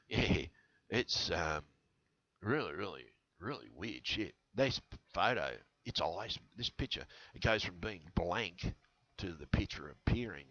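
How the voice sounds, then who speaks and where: A man's voice: sits low, a bit bright. A man rambling to his viewers in a conspiratorial vlog monologue, full of fillers and restarts, on a headset mic. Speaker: vlogger. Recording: dull lo-fi headset audio.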